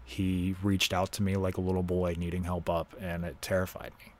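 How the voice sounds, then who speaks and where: A young man from Ohio hosting a podcast, telling a personal story in a casual, halting way and swearing freely. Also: low-pitched, flat delivery, a little mellow. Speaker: podcast host.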